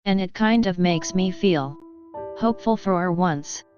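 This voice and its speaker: Earnest teen girl pleading her case, woman reading her, lowish voice, muffled audio. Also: measured pace, darkish tone, natural voice. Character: shy hopeful teenage girl with powers. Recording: dull lo-fi with faint music.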